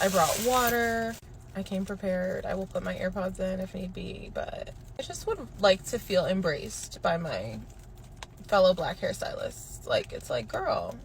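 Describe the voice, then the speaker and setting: A woman's voice: mid-range voice, breathy edge, poor audio. A woman vlogging casually into her phone, chatty and sarcastic with laughing asides, with faint noise behind her. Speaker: hairstylist vlogging. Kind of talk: casual vlog chat. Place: sitting outside a salon.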